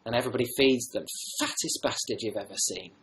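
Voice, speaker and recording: Chatty young man with a softened northern English accent. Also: medium pitch, fast talker, slight background noise. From northern England. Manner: chatty, rambling, swears casually. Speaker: livestream host. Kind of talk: casual chat reading viewer comments.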